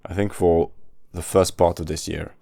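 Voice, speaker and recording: A man's voice: deep voice, flat delivery, moderate pace, gravelly, warm tone, dry recording, clean studio sound. A man, hosting a casual solo podcast, often stopping to search for words and restarting his sentences. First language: French. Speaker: podcast host.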